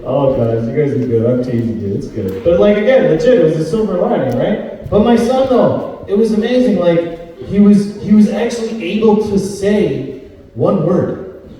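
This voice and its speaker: A man in his thirties from Canada performs a stand-up set in a casual, talky way. His voice is mellow and a little high for a man. He is heard a bit away from the mic, in a big, echoing club room. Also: lively intonation, moderate pace, far from the mic. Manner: conversational, tags lines with "right?". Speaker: stand-up comedian. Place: comedy club stage.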